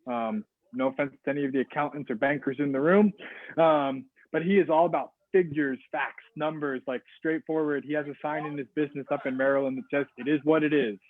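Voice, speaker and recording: A man's voice: on the high side, a little fast, no echo. Man speaking over a tinny video call. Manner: energetic, checks in often with the audience. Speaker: guest speaker on service and leadership. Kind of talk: interactive webinar presentation.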